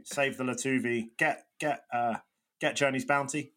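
A man's voice: mid-range voice, steady tone, moderate pace, pushed and bright. A man playing a tabletop role-playing game, eager and stumbling over his words. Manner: eager, stammering restarts. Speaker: player.

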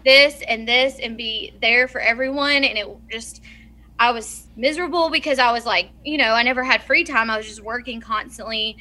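A woman's voice: a little high, steady tone, moderate pace, pushed and bright. A woman in her thirties with a Southern American accent, chatting casually as a guest and laughing often. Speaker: guest blogger. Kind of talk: casual chat.

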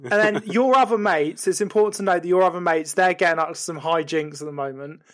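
Male podcast co-host, comic storyteller, animated sweary delivery. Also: high voice, fast. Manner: animated, sweary retelling with lots of "you're like".

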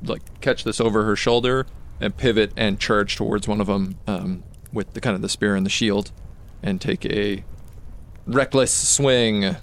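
A man's voice: on the low side, steady tone, measured pace. A man playing a tabletop game, thinking aloud with fillers as he describes his character's moves. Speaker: player. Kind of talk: casual tabletop play.

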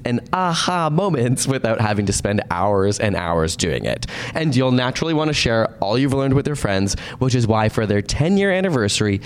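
A man reading a podcast sponsor message with upbeat promotional energy. His pitch moves in a lively way over a faint low rumble. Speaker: podcast host. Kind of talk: sponsor read.

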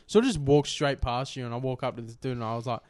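A man's voice: medium pitch, steady tone, quick pace, darkish tone, no echo, clean studio sound. A young Australian man co-hosting a podcast, rambling through a crude story full of swearing. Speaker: podcast co-host. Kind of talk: casual storytelling chat.

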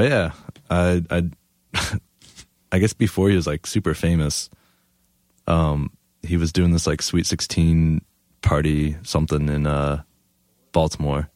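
A man's voice: a bass voice, fairly even intonation, measured pace, long pauses, a little mellow, no room sound, clean studio sound. A young man, a guest, telling laid-back stories in casual chat, laughing often.

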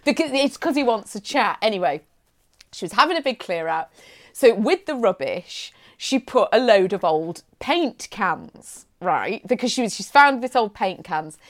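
A woman's voice: medium pitch, lively intonation, moderate pace. A woman co-hosting a casual chat, telling a story and often asking "right?". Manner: chatty, keeps adding "right?", laughs heartily. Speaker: podcast co-host.

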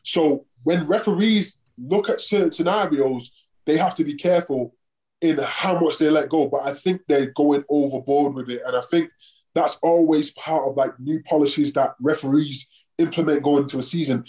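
A man's voice: a little high, moderate pace, mellow. A man, a former football player and podcast guest, telling a story in casual chat and acting out the exchanges he quotes.

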